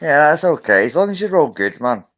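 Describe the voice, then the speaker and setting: A man's voice: on the high side, sing-song, a little fast, a bit bright, muffled recording. A tipsy man calling into a casual chat who rambles in a loose, friendly way. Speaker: caller.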